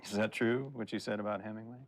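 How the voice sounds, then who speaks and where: A man's voice: fairly low pitch, steady tone, quick pace, lightly acted. A man playing sly, needling Henry. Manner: needling, insinuating. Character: sly, probing captive man. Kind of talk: TV drama acting.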